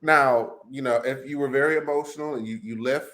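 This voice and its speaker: A man's voice: mid-range voice, steady tone, brisk, fairly bright tone, slight background noise. A man co-hosting a casual chat show, asking questions playfully and laughing often. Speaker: co-host.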